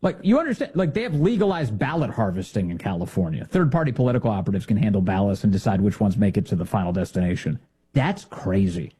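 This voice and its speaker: A man's voice: lowish voice, big pitch swings, fast talker, dark tone, breathy edge. A man hosting a political commentary show, talking in a sarcastic, indignant monologue full of rhetorical questions. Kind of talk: opinionated monologue.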